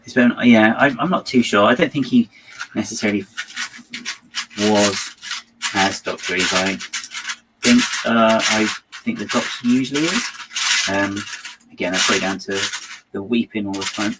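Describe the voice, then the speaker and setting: A man's voice: lowish voice, normal speed, long pauses, very noisy. A man chatting casually while he builds, giving rambling, hesitant and wry opinions as the host.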